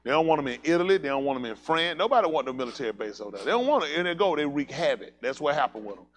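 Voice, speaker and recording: A man's voice: a little high, sing-song, very fast. A man preaching a fiery sermon as pastor, emphatic and colloquial, repeating calls like "listen" and firing rhetorical questions at the congregation.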